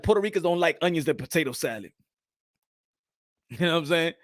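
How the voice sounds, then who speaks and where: A man, hosting a boxing channel in casual, animated chat, laughing often and slipping into Spanish. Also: on the high side, brisk, pauses often, no echo, clean studio sound. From New York City. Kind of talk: casual live-stream chat.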